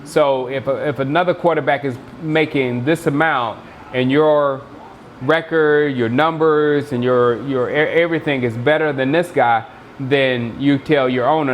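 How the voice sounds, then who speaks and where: Chill guy talking football on a stream, kinda sleepy, thinks out loud, light background hiss. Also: mid-range voice, measured pace, muffled recording. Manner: laid-back, rambling, thinking aloud. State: sleepy, yawning. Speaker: watchalong host. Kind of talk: casual live chat commentary.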